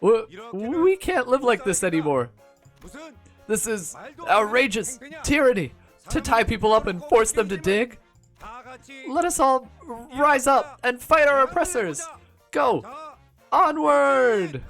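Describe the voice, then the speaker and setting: A man voicing a rebellious male prisoner, shouting a theatrical call to revolt while reading game dialogue aloud. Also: extremely high pitch, sing-song, slow, gravelly, faint music behind, voice pushed up, exaggerated voice. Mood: rousing.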